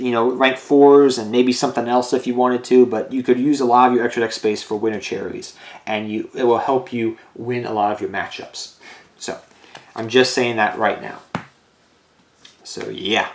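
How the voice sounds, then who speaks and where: A man casually talking through a card game deck, rambling with restarts, tired and a bit out of breath. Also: mid-range voice. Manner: loose, rambling, lots of restarts and "you know". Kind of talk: casual deck profile talk. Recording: roomy echo.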